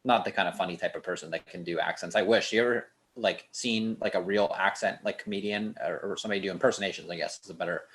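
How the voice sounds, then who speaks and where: Brief: young male podcast host, fairly low voice, rambling and chatty, full of "like" fillers. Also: fast talker, hardly any pauses, a bit bright. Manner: rambling, lots of "like" fillers and restarts. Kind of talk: casual podcast chat.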